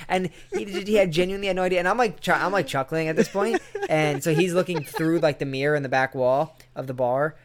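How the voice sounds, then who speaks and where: A man's voice: on the high side, fairly quick, hardly any pauses. Profane, rambling male storyteller. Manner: rambling, profane, animated storyteller who acts out quotes. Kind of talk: casual storytelling chat.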